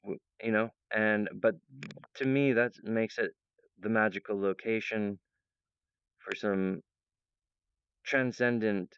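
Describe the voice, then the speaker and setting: Earnest rambling man, smooth dull sound. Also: lowish voice, steady tone, slow, long pauses, fairly bright tone, no room sound. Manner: meandering, earnest, with many fillers and restarts. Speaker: presenter of his own project. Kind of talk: rambling monologue to viewers.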